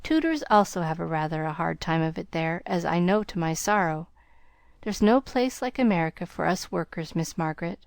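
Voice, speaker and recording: A woman reading the lines of a gentle, earnest young male tutor in an audiobook, in a kindly, encouraging manner. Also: lowish voice, animated, normal speed, creaky, no echo, clean studio sound.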